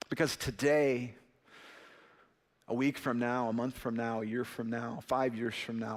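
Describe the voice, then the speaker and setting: A man in his thirties preaching a sermon as a pastor, telling stories in a conversational way with frequent "right?" asides. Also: mid-range voice.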